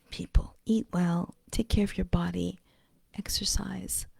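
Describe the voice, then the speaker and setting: A woman vlogging in a casual, rambling monologue, often dropping to a breathy whisper and speaking bluntly with profanity. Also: lowish voice, steady tone, takes it slowly, mellow, no echo.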